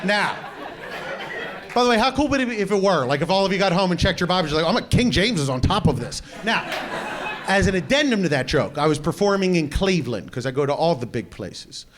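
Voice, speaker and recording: A man doing a stand-up comedy routine on a club stage into a handheld mic, telling stories in a brash, animated way. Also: high voice, a little fast.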